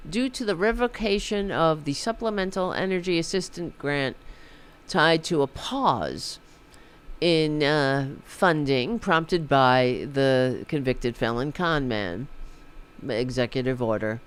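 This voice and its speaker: A man's voice: fairly high pitch, a bit bright, clean tone. A man hosting a podcast, delivering a rambling, sarcastic political commentary monologue. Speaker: podcast host.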